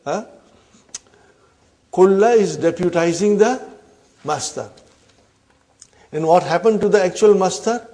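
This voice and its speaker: A man's voice: sits high, a little slow, long pauses, warm tone. A middle-aged man teaching Arabic grammar to a class, often ending points with a questioning "huh?" and addressing the students as brothers and sisters. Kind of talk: classroom lesson.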